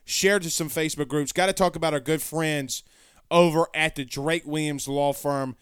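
A man's voice: fairly high pitch, fairly even intonation, moderate pace, clear, resonant tone, no room sound, studio quality. A man hosting a sports stream, reading viewer comments in a rambling, folksy way and correcting himself often. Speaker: sports show host. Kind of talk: casual live-stream chat reading comments.

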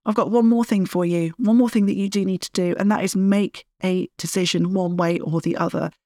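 A woman's voice: on the low side, steady tone, a little fast, warm tone, no echo, studio quality. Blunt, emphatic woman coaching. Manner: direct, emphatic, tough-love coaching. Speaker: podcast host and fitness coach. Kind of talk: solo podcast monologue.

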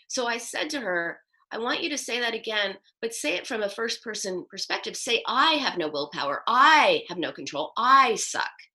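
A middle-aged woman psychoanalyst, appearing as a guest, answers interview questions emphatically and acts out quoted self-talk. Her voice sits on the high side, bright and forceful. The recording is rough.

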